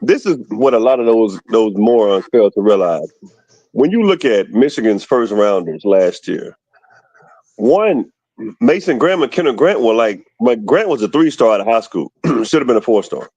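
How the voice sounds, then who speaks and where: A man's voice: on the low side, normal speed, no echo, highs cut off. Argumentative man from Alabama calling in. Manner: animated, argumentative about team stats. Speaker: caller. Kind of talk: casual call-in chat.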